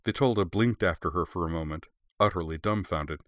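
Male storyteller with a very low voice, measured and steady, dry close sound. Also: no echo. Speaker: audiobook narrator. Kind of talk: scripted narration.

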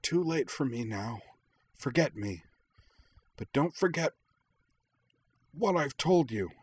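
A man voicing a frightened young woman in pain, speaking in a hushed, strained way. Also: medium pitch, lively intonation, slow, slightly rough, dry recording, pitched above the performer's own voice. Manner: hushed, strained, breaking into pained cries. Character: frightened pained young woman warning a friend.

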